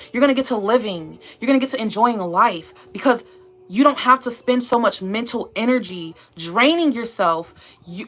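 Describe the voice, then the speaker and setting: A woman's voice: fairly high pitch, a bit bright. A woman YouTuber giving an emphatic, repetitive motivational pep talk to her viewers, calling them y'all and babe.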